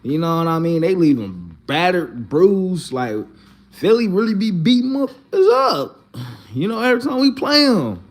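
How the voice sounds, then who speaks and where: High-voiced man ranting, fired up and cursing. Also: sing-song, moderate pace. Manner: profane, repetitive, fired-up ranting. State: upset after a loss. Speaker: Eagles fan. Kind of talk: casual venting monologue.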